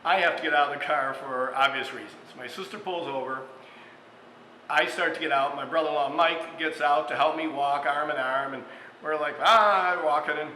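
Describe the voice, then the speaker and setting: A man's voice: on the high side, sharp tone. A man hosting a casual cooking show as a restaurant chef, chatting and telling stories with lots of fillers and little chuckles. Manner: chatty storyteller, frequent fillers, chuckles mid-sentence. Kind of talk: casual cooking demonstration with anecdotes. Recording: echoey room with long reverb, faint background hum.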